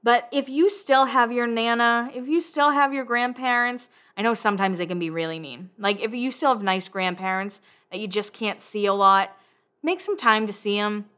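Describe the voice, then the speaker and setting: A woman with a bright, forward voice chats casually as a show host, swearing freely and breaking into laughs. She keeps a loose, conversational recap going. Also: on the high side, moderate pace.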